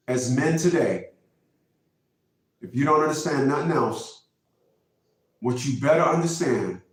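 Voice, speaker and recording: A middle-aged man giving relationship advice in a casual, preachy monologue that repeats itself for emphasis. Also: mid-range voice. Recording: very echoey room, from far off.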